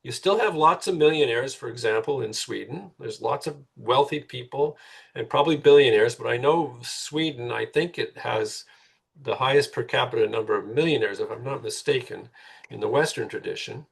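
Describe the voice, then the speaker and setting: Man, middle-aged, podcast guest, husky gravelly voice, earnest, repetitive emphasis. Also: mid-range voice, normal speed. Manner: earnest, repeats words when building a point. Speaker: guest author. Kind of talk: conversational podcast interview.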